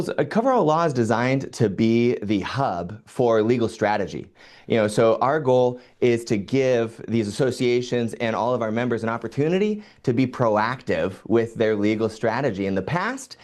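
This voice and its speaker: A middle-aged man speaks as a guest in a casual podcast chat, full of energy and quick to joke. He tells stories in a lively rush and often restarts his sentences. His voice sits at an ordinary pitch. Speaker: lawyer and guest.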